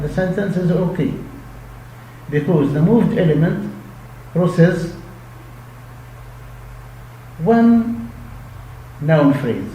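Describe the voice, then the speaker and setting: Slow, deliberate male lecturer in echoey room. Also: a little high, warm tone. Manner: slow, repetitive explaining with frequent "okay?" checks. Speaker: linguistics lecturer. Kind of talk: recorded lecture. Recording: echoey room with faint hum.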